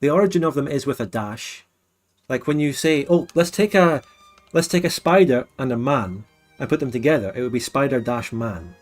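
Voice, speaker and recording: A man's voice: medium pitch, fairly quick, soft background music. A Scottish man hosting a casual stream chat, who explains things at length in a playful, questioning way. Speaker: streamer host.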